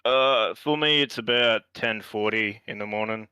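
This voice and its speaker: Laid-back Australian man, low voice. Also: normal speed, smooth, no room sound. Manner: relaxed, rambling, hesitant with many fillers. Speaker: guest on a stream. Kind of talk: casual gaming chat. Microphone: voice chat call.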